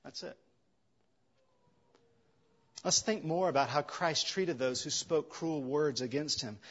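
A man preaching a sermon in an earnest way, rising for emphasis and dropping soft for tender lines. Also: fairly high pitch, takes it slowly, breathy edge, lo-fi sound.

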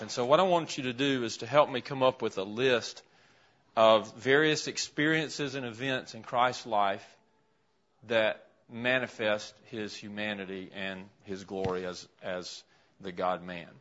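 Writing a list on the board, a man questions his students during an interactive Bible lesson. He has a mid-range, slightly bright voice, captured in a dull, lo-fi classroom recording.

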